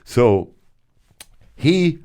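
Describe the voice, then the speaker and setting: A man's voice: medium pitch, very animated, drawn-out words, dark tone, clear, resonant tone. An older man and former radio host telling stories casually and animatedly, slipping into voices and sound effects. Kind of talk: casual storytelling.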